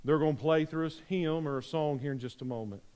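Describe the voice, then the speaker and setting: A man's voice: on the high side, quick pace, darkish tone. A man preaching an earnest, pleading sermon invitation in a church, repeating his phrases. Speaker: pastor. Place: church sanctuary.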